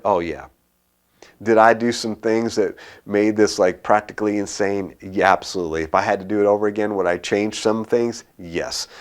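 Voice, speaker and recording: A man preaches from the pulpit, with a voice that sits on the low side. He tells a personal story with animation and acts out both sides of a conversation. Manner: animated storytelling, acts out his own panic and a dialogue. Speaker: pastor.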